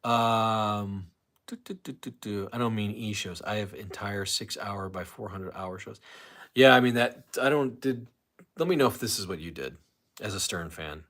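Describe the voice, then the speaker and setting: A man's voice: lowish voice, moderate pace, fairly bright tone. A man hosting a casual live stream, rambling, restarting his sentences and reading viewer comments aloud.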